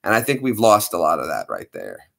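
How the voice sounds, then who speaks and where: A man hosting a casual live stream, chatting playfully with his viewers in an animated way. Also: low voice, a little fast, creaky.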